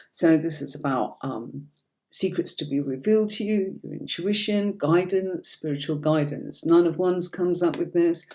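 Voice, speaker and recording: A woman with a deep, slightly mellow voice and a light Yorkshire accent chats her way through a tarot lesson on a livestream. She hails from Yorkshire, England, reassures her audience and calls them darling.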